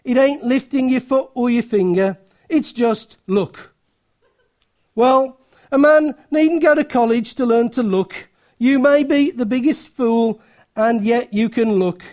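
A woman's voice: fairly high pitch, slow, darkish tone. A woman doing an earnest country lay preacher. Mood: earnest exhorting. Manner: pleading, repetitive exhortation. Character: thin, plain-spoken rural lay preacher, earnest.

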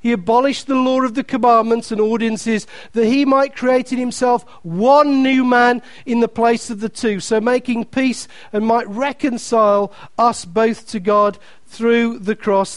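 A man's voice: extremely high pitch, steady tone, a little slow, no room sound. A man preaching a sermon, emphatic and repeating key phrases, reading scripture aloud with playful asides to the congregation.

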